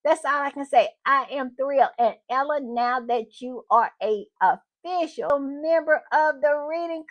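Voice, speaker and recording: A woman hosting her own channel in a casual chat, effusive and repetitive as she thanks supporters. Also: sits high. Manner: effusive, repeats thanks, drawn-out emphatic phrasing. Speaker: channel host.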